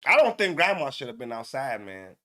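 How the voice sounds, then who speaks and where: A man's voice: medium pitch, very animated, a little fast, a bit bright. A man from Canada hosting a morning talk show, reacting to clips in loose, profane, laughing commentary. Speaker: show host. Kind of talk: casual commentary.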